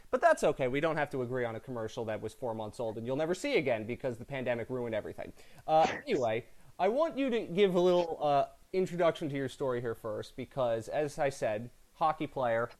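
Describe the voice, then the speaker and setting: A man's voice: medium pitch, big pitch swings, fast talker, darkish tone. A male podcast host who talks in a casual, easygoing way. His humor is dry and teasing, and he often needles his guest about sports and local pride. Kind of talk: casual interview chat.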